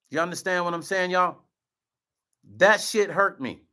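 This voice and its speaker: A man's voice: sits high, a little slow, pushed and bright. A middle-aged man vlogging, earnest and close to tears, repeating himself and speaking straight to his viewers. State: choked up, near tears. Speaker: vlog host. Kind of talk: emotional direct-to-camera talk.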